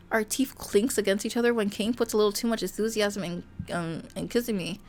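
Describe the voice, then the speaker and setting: A woman streamer reading a romance game aloud, animated and playful, often breaking off to joke with her viewers. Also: on the high side, brisk, few pauses, faint music behind. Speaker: VTuber streamer.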